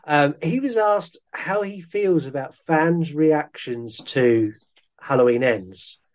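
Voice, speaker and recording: A man's voice: a little high, lively intonation, takes it slowly, a little mellow. A man co-hosting a podcast in casual chat, bringing up news items with enthusiasm. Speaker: podcast co-host.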